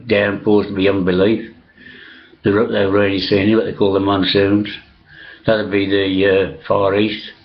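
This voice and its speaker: An older man, rambling through old memories with many fillers, restarts and casual swearing. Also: on the low side. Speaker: storyteller recalling old days. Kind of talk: rambling reminiscence. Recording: dull lo-fi sound.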